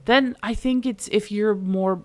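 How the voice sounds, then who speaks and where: A woman's voice: mid-range voice, unhurried, darkish tone, no echo. A woman co-hosting a podcast, telling stories in a candid, casual way and swearing freely. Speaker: podcast co-host, realtor. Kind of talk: casual chat.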